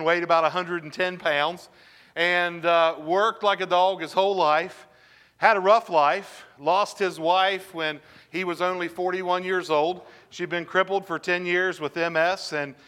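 High, bright-voiced man preaching. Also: clear, resonant tone. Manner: engaging the congregation with questions. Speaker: pastor. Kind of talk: sermon. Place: church sanctuary.

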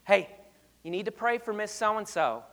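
A man imitating a nosy church lady who spreads gossip as a prayer request, in a hushed confiding voice. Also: high voice, lively intonation, moderate pace, long reverb tail.

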